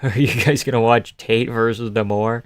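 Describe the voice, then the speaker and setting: Man, live streamer, casual fight reactions, smooth voice, dry close sound, offhand, swears casually. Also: medium pitch, steady tone, moderate pace, no echo.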